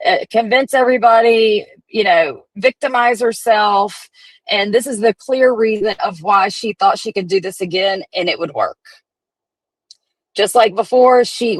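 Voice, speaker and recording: A woman's voice: mid-range voice, dry recording, low-quality recording. A woman hosting a profane, chatty commentary stream. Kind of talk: casual gossip commentary.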